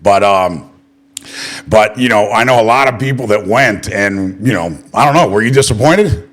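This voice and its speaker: A man's voice: on the low side, animated, moderate pace, a bit bright. A man hosting a political interview show, chatting loosely and telling profane stories with acted-out quotes. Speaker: podcast host. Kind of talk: casual political interview chat.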